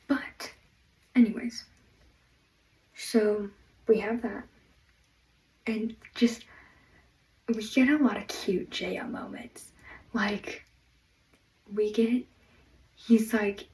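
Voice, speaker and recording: A woman delivering an excited, rambling fan rant, full of fillers, on a personal mic. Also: medium pitch, slow pace, pauses often, recorded from a distance, low-quality recording. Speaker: fan vlogger.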